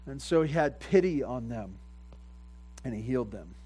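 A pastor preaching a sermon in a plain, conversational way, a man at a medium pitch. He often repeats his phrases and grows louder at the points he stresses. A low mains hum runs under the recording. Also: expressive, normal speed, husky, rough recording.

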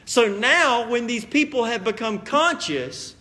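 Guy pastor preaching a sermon in church, pretty high voice, earnest, goes soft then punches. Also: very animated, measured pace. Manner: earnest preaching, shifting from hushed to emphatic. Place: church sanctuary.

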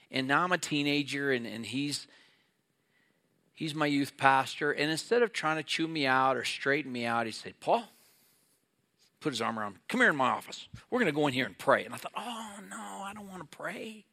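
A man's voice: on the high side, sharp tone. A middle-aged male pastor preaching a sermon in an earnest, conversational way, acting out little quoted exchanges.

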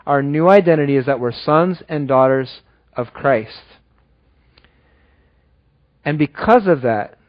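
Pastor, male, earnest conversational sermon delivery, low and slow on scripture, dry close sound. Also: no echo, dull audio.

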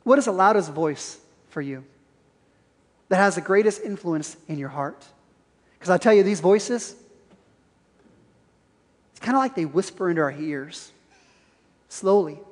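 A man's voice: high voice, lively intonation, a little slow, pauses often. A man preaching a sermon in a church, earnest and probing, asking the congregation pointed questions. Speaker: pastor. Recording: reverberant church hall.

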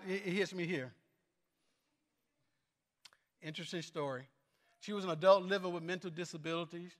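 Earnest high-voiced preacher in a reverberant hall. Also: male voice, bright, forceful tone. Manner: earnest, halting, repeats words. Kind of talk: sermon with personal stories.

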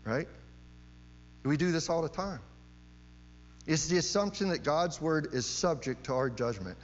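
A man's voice: on the high side, animated, unhurried. Emphatic preacher man in a reverberant hall. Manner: emphatic, repeats key phrases, frequent rhetorical "right?". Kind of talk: sermon. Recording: long hall reverb, dull sound, mains hum.

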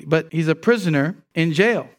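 A man's voice: on the high side, animated, normal speed. A man preaching an expository sermon, emphatic and often repeating words as he teaches.

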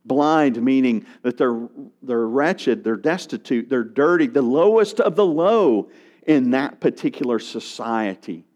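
A man's voice: medium pitch, unhurried, lo-fi sound. A man preaching a sermon, telling stories and acting out the voices in them. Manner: animated preaching, acts out voices of beggars. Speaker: pastor.

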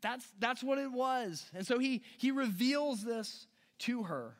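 Animated high-voiced male preacher. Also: unhurried. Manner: animated, jokey, puts on voices for characters. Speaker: pastor. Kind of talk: sermon.

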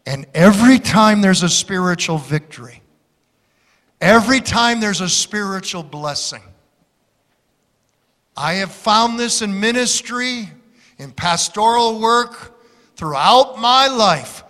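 Man, pastor, high bright voice, slow emphatic sermon, long hall echo. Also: expressive. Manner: emphatic preaching, repeating key words.

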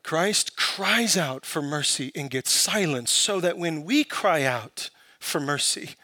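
High, bright-voiced male preacher. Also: expressive, takes it slowly, dry recording. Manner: building to impassioned, emphatic peaks. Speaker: pastor. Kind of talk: sermon.

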